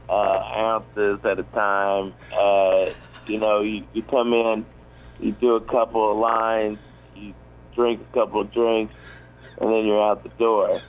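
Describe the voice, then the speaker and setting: A man's voice: fairly low pitch, narrow, tinny audio. A man in his forties, a comedian, telling a rambling story on a radio show, full of fillers and restarts. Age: 40s. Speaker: comedian guest.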